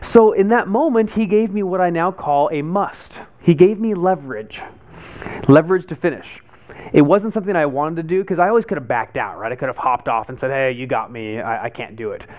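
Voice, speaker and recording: A man's voice: on the high side, brisk, a little mellow. A man in his thirties telling a personal story to a live group, acting out his own past panic as he goes. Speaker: meetup speaker.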